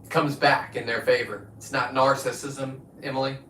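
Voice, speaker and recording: A man's voice: mid-range voice, little pitch movement, normal speed, a bit bright, a little hiss or hum. Combative swearing man on a livestream. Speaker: livestream host. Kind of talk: profane livestream rant. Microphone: phone. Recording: echoey room, distant from the mic.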